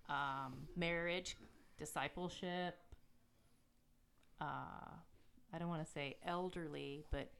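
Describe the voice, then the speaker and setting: A woman's voice: deep voice, steady tone, slow pace, gravelly, pauses often, a bit bright, clean tone. A woman guest in a casual interview, telling stories in an earnest, heartfelt way.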